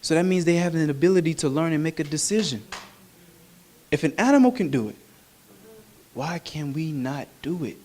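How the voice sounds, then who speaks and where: A male minister preaching a sermon in an animated, humorous, conversational way. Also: fairly high pitch, normal speed, pauses often, a little hiss or hum.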